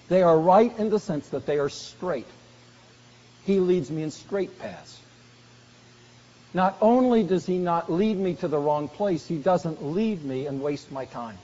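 A man preaching a sermon earnestly, slowing down for emphasis and dropping soft on key phrases. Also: sits high. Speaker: pastor. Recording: dull lo-fi recording in a reverberant hall.

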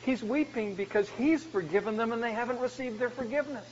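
A male pastor with a notably high voice delivers a sermon, pressing hard on key words and then dropping to a hush. The sound is dull and lo-fi, carried by the long reverb of a church sanctuary. A faint hiss sits underneath. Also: quick pace. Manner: preaching with swings from loud emphasis to hushed lows.

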